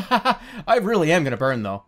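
A man giving loud, excitable gameplay commentary, yelping and swearing while desperate to pee. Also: a little high, measured pace. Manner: excitable, yelps and swears, self-mocking. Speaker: gaming YouTuber.

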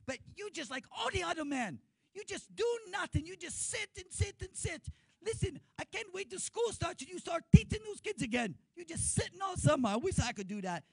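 A frustrated wife nags her lazy husband in a high, shrill voice that breaks into shouts, as a man puts her on. Her voice sits well above the speaker's own, and the sound is close and dry. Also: creaky, dry recording, full character voice.

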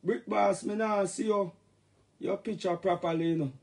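Man, Jamaican accent, middle-aged, high voice, gravelly, joking patois livestream rant. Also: steady tone, normal speed, darkish tone.

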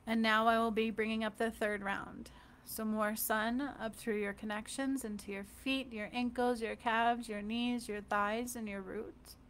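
A woman energy healer leads a guided healing meditation, speaking softly and loosely with fillers and gentle check-ins. Her voice is a little high, her delivery flat and unhurried.

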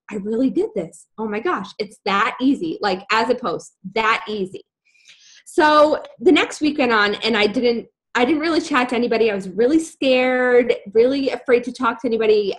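A young woman casually telling a personal story, animated, acting out her own past words. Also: on the high side, normal speed, rough recording.

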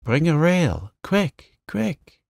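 A man voicing a brisk teenage boy giving urgent commands, in a storybook reading. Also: on the low side, lively intonation, vocal fry, darkish tone, no echo, studio quality.

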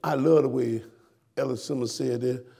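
Fiery gravelly preacher man. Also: mid-range voice, steady tone, normal speed. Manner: fiery, shouting, calls out to congregation. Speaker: pastor. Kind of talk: sermon. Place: church sanctuary.

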